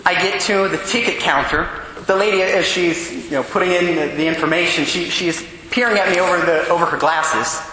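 A priest preaching a sermon, telling stories from his own life with quick, animated asides. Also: high-pitched, slight background noise. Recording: echoey hall with long reverb.

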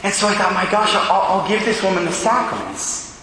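A high, bright-voiced man preaches as a Catholic priest, telling a personal story in an animated way. He acts out his own thoughts and what others said. His voice rings through a big echoey hall with long reverb. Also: brisk, a little hiss or hum. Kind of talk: storytelling homily.

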